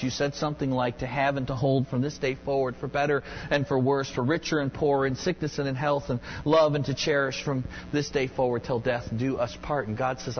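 A man preaching a sermon as pastor, rising to emphatic peaks and dropping to hushed, intimate lines. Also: on the high side, dull audio, slight background noise. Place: church sanctuary.

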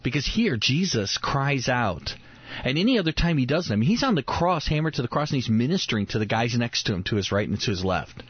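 Male radio host in his thirties, husky and low, earnest devotional talk, dry and dull lo-fi sound. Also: very animated, fairly quick, no echo. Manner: earnest, repeats words as he builds a point.

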